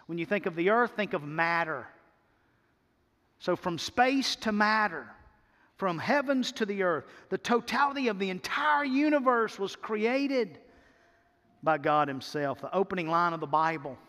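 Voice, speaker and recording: A man with a high voice preaches slowly from a church stage, stretching out his phrases. He leans into each point and repeats words as he builds toward it. The sound rings with the long reverb of a large hall. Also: lively intonation, pushed and bright. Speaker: pastor. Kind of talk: sermon. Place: church sanctuary.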